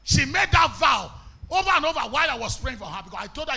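A Nigerian man preaching a sermon as an evangelist, impassioned and breaking into shouts, with Pidgin mixed into his English. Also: very high-pitched, sing-song, fast talker, creaky, soft background music.

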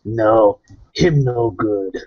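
A man voicing a young, gruff male dwarf war priest in a tabletop game, speaking in clipped broken phrases. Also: medium pitch, takes it slowly. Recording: muffled dry online voice chat.

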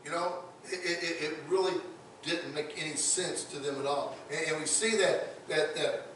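A pastor with a fairly high voice delivers a sermon in a big church sanctuary, heard from some way off the mic. The room is very echoey, with faint noise underneath. He preaches emphatically and often repeats words as he works up to a point. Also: fairly even intonation, normal speed, fairly bright tone, far from the mic.

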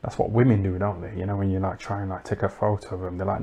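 A low-voiced man rambles through a comic monologue. He is deadpan and crude, and he keeps tossing tag questions at his listeners. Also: fast, vocal fry, few pauses. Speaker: comedic livestream host.

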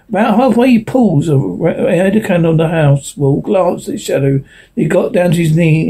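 A man's voice: a little high, warm tone, husky, rough recording. A man reading a science fiction story aloud, stumbling and restarting now and then. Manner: unpolished reading with slips and restarts. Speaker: narrator.

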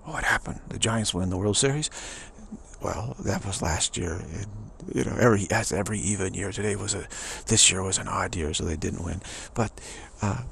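A man's voice: low voice, normal speed, fairly bright tone, slight background noise. A middle-aged man giving a rambling, enthusiastic pep talk, repeating himself and chuckling often. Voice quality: gravelly. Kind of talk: rambling motivational monologue.

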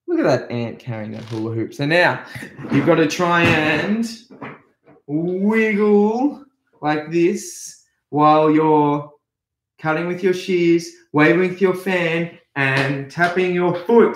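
An Australian man leads a music class for young children, chatty and playful. His voice sits a little high and he talks at an unhurried pace. The echoey room rings around him. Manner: chatty, playful, sings and leads actions slowly. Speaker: music teacher.

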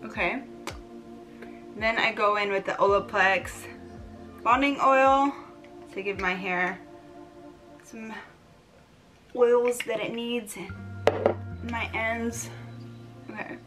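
A young woman chatting excitedly in a casual home beauty vlog, gushing and bubbly. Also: a little high, slow pace, pauses often, faint music behind. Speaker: beauty vlogger.

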